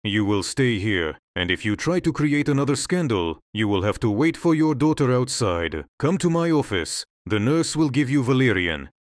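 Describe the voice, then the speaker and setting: Man playing a calm, firm male doctor, storybook read, dry. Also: medium pitch, normal speed, few pauses, dry recording, natural voice. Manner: calm, reassuring.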